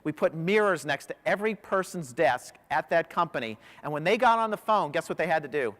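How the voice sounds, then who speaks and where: A man's voice: on the high side, animated, fairly quick, a bit bright. A man giving a motivational keynote to a large audience, telling stories with animation and quizzing the crowd. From United States. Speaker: professional speaker. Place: large hall. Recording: long hall reverb.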